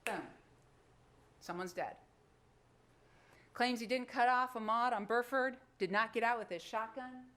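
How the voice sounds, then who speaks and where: A woman's voice: a little high, measured pace, long pauses, sharp tone. A woman prosecutor giving a closing argument to a jury, emphatic and full of rhetorical questions. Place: courtroom. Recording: echoey courtroom, faint background noise.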